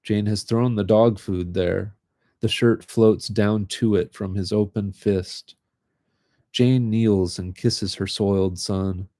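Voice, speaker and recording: A man reading literary short stories aloud in a calm, unhurried way, chatting casually between them. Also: lowish voice, no room sound, studio quality. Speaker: reader of short fiction. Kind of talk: live reading of literary fiction.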